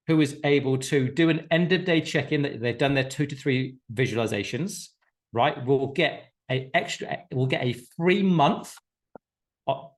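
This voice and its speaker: A male coach speaking on a video call to a group of clients, his pitch sitting in an ordinary middle register. He talks in an emphatic, repetitive way and drops casual swearing as he urges them on.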